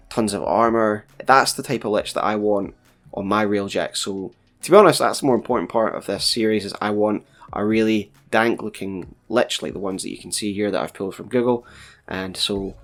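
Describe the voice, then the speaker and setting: A man casually commenting on his gameplay as a gaming YouTuber, chatty and laid-back with playful asides. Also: fairly low pitch.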